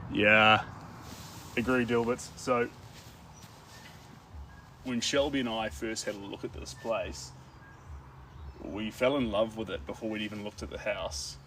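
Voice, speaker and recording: A man's voice: fairly low pitch, steady tone, measured pace, pauses often, bright, forceful tone, far from the mic, a little hiss or hum. A man with a New Zealand accent chatting casually to viewers on a live stream from outdoors in a gorge. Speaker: art streamer.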